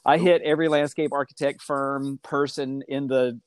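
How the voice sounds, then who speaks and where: A middle-aged man telling his life story in casual conversation, animated and acting out the voices he quotes. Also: normal speed, smooth, no echo. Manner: animated, acts out quoted voices with big pitch jumps.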